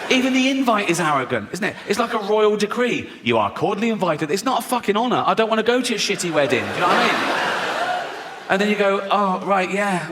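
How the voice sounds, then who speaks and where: A man's voice: sits high, sing-song, fast talker, noisy background. A male stand-up comedian with an English accent, mocking and sweary, acting out bits of voices in a live show. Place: large theatre with audience.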